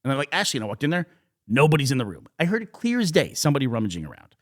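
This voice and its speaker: A man's voice: medium pitch, very fast. A middle-aged man co-hosting a podcast, telling a rambling story in casual chat. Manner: rambling storyteller, animated retelling. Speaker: podcast co-host.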